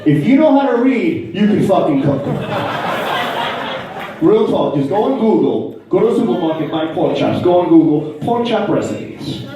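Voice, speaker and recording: A man's voice: sits high, big pitch swings, normal speed, heavy reverb, recorded from a distance, noisy background. A man performing a brash, profane stand-up comedy set in a club, acting out other people's voices. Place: comedy club stage before a laughing audience.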